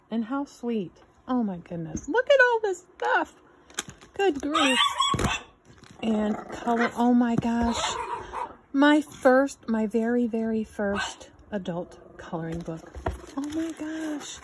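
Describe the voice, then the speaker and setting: A woman's voice: fairly high pitch, expressive, slow pace, background noise. A woman hosting her own channel, gushing and exclaiming as she unboxes a gift box. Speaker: channel host. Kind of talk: unboxing vlog.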